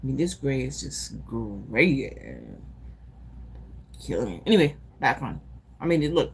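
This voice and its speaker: A woman live-streaming casually, retelling a movie in an animated, profane, rambling way. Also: very deep voice, measured pace, vocal fry, long pauses, a little hiss or hum. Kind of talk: casual chat recapping a movie.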